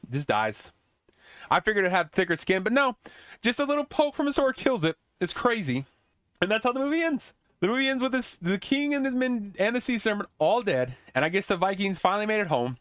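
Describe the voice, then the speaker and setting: A man's voice: sits high, a bit bright, dry recording. A young man hosting a podcast, casually recapping an old movie scene by scene, rambling, laughing and swearing as he goes. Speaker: podcast host.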